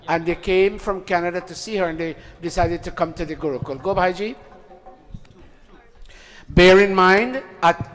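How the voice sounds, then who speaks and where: A man leading a weekly gathering, making casual announcements and addressing people by name in an informal, friendly way. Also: high voice. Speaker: spiritual teacher leading a satsang. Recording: long hall reverb with faint music.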